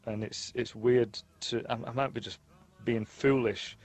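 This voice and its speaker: Picture a singer from the northwest of England being interviewed, his voice sitting in an ordinary male pitch. He spins stories, tripping over his words and chuckling as he goes. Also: steady tone, measured pace, a little mellow. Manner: chuckles often, tells anecdotes with restarts. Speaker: guest singer. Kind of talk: casual interview chat.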